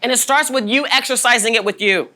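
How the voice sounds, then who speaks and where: A woman's voice: a little high, fairly quick, pushed and bright. A woman in her forties giving a motivational workshop talk as a leadership trainer, emphatic and often checking in with "right?". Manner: emphatic, keeps asking "right?" to the audience.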